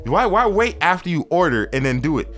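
Fast-talking blunt man in casual chat. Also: on the high side, soft background music. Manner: animated, blunt, swears freely, acts out quoted lines.

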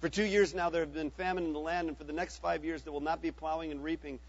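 A man reading the part of a powerful ruler who speaks gravely to his brothers, in a scripture reading. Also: a little high, steady tone, fast talker, lo-fi sound. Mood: earnest.

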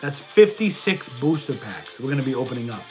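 A man's voice: mid-range voice, very animated, brisk, a little mellow, soft background music. A man hosting a casual livestream, reading viewer questions aloud and answering them, with a stuffy nose. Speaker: livestream host and reseller.

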